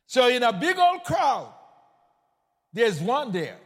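Man preaching, very high voice, slow unhurried delivery, call-and-response questions, bursts of shouting, long hall reverb. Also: huge pitch swings, slightly rough. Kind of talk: sermon.

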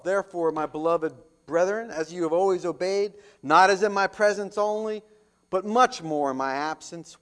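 A man preaching a sermon as pastor, reading scripture and asking rhetorical questions, with loud emphatic swells and hushed drops. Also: sits high.

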